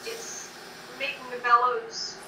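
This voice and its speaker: High-voiced woman game master, echoey. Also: monotone, slow pace. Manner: loose, hesitant narration with restarts. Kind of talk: narrating a tabletop game. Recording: echoey room, far from mic, background noise.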